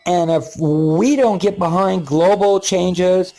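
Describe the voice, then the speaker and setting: An older man in a casual vlog, narrating his own video footage in a rambling, halting way, with repeated words and many fillers. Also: sits high, fairly even intonation, mellow. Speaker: paranormal video maker.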